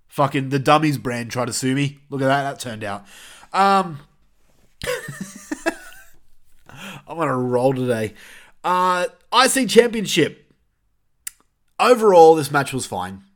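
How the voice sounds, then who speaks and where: A man's voice: fairly high pitch, very animated, unhurried, long pauses, fairly bright tone. A man hosting a casual review podcast, talking bluntly with plenty of swearing and rambling asides. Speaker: podcast host.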